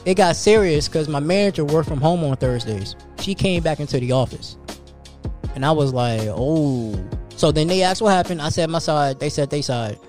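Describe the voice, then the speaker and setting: A male podcast host telling a story in casual chat, animated and laughing, acting out the quotes. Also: a little high, fairly quick, soft background music.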